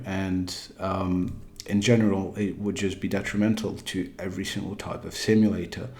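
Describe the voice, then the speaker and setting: A man's voice: lowish voice, a little mellow. A man doing a put-on British accent, giving a rambling opinion monologue about a game, full of fillers and restarts. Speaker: gaming video creator.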